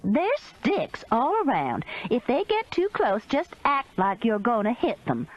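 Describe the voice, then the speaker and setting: A woman's voice: a little high, wildly swooping pitch, measured pace, dull audio, pitched above the performer's own voice, heavily acted. A woman voicing a feisty older Southern grandmother who talks bluntly and curses, in an audiobook. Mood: instructive. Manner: blunt, cursing, loud.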